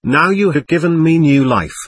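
Picture a desperate, impassioned young prisoner on the eve of his trial, begging his brother for the truth, voiced by a man reading an audiobook. The voice is husky and rises and falls a great deal, and it sounds dry and close. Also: fairly high pitch, expressive, moderate pace, no echo, pitched above the performer's own voice. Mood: grateful. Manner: desperate, pleading.

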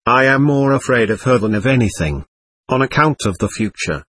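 A man voicing a feverish, delirious young man who rambles in an agitated, brooding way, with a husky voice. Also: medium pitch, expressive, moderate pace, a bit bright, no echo.

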